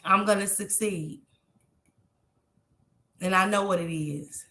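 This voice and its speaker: A woman's voice: mid-range voice, steady tone, slow pace, pushed and bright, echoey room. A tearful woman, talking heartfelt and repetitive to her viewers on a live stream.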